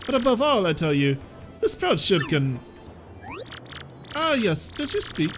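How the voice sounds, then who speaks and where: A man's voice: high voice, very animated, a little slow, exaggerated voice. A man voicing a pompous, flamboyant merchant sailor in a vague, made-up foreign accent, reading game dialogue over music. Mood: boastful. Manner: grandiose, theatrical, vague foreign-sounding accent.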